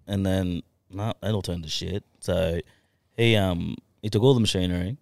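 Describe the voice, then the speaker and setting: Deep gravelly Australian man, blunt. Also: steady tone, normal speed, darkish tone, dry recording. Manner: blunt, swears freely, laughs through stories. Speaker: podcast guest. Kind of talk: casual storytelling chat.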